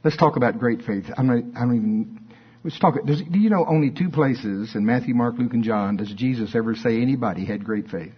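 A man preaching a sermon, swinging between high emphatic bursts and low, quiet asides. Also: a little fast, breathy edge. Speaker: pastor. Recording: dull lo-fi sermon recording.

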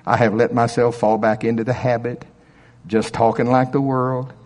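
A man's voice: mid-range voice, level tone, normal speed, a little mellow, in a large hall. Man preaching a conversational sermon. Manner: conversational storytelling with asides and rhetorical questions. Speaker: pastor.

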